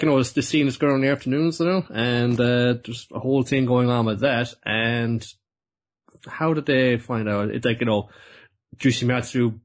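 A man chatting casually, retelling an episode in a rambling way with quick put-on voices. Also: mid-range voice. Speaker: podcast co-host recapping an anime. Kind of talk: casual chat.

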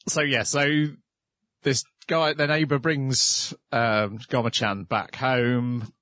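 A man in casual conversation, calmly retelling the events of a cartoon episode. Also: mid-range voice, takes it slowly, no room sound, studio quality. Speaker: podcast co-host. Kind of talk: casual chat recapping an anime episode.

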